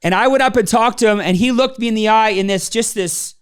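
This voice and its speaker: In a smooth, high-pitched voice and at a fairly quick clip, a business trainer delivers a motivational talk to a live audience. He tells stories from his own life and plays out the people in them.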